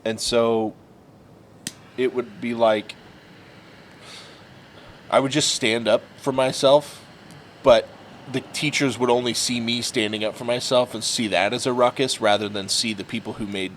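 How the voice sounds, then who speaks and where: A man and podcast co-host telling stories from his youth in a casual chat, turning loud and animated when he acts out other people. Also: medium pitch, measured pace, long pauses, slight background noise.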